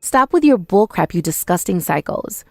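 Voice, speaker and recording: A woman's voice: on the low side, sing-song, moderate pace, dry recording, clean studio sound, faint music behind. A young woman telling a first-person dramatized story in an indignant, accusing manner. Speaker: narrator and protagonist.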